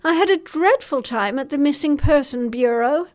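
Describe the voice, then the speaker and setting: A woman's voice: sits high, lively intonation, moderate pace, darkish tone, voice pushed up. A woman narrator voicing a distraught, genteel older mother who cannot cope with her son's silence.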